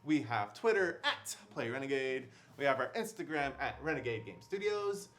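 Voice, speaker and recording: A man's voice: mid-range voice, big pitch swings, moderate pace, a bit bright. A young man hosting a casual livestream unboxing, chatty and upbeat, with fillers and laughs. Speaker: livestream host.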